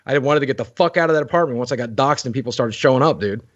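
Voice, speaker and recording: A man's voice: medium pitch, very fast, muffled recording. A man telling a story on a podcast in a blunt, profane, exasperated way. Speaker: podcast guest.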